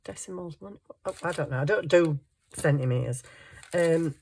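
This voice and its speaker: Woman, low register, chatty self-mocking craft vlogger thinking aloud at her desk. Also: normal speed, gravelly, a little mellow, husky. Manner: chuckles often while working. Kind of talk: casual crafting chat.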